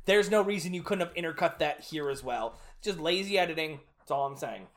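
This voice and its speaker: A man co-hosting a casual recap chat, excitable, swearing freely and acting out scenes. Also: a little high, fairly quick. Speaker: podcast co-host.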